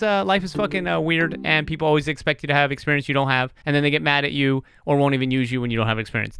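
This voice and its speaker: A man's voice: a little high, fast talker, a bit bright, smooth, no room sound, faint music behind. A man hosting a casual podcast, rambling and joking at his own expense, swearing now and then. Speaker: podcast host. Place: streamed live on Twitch.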